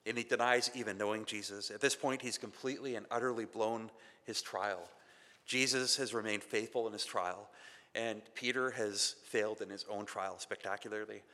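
A Canadian pastor preaches with a bright, forceful tone, slipping into conversational, self-deprecating stories and acting out other people's lines. His voice rings out into a large hall with a long reverb tail behind every phrase. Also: on the low side, steady tone, normal speed. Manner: conversational, self-deprecating storytelling with acted quotes. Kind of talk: sermon.

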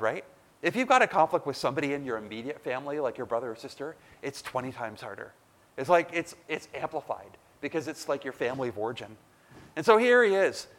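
A man's voice: a little high, a bit bright. A man preaching a sermon as a pastor, talking casually and building to emphatic bursts.

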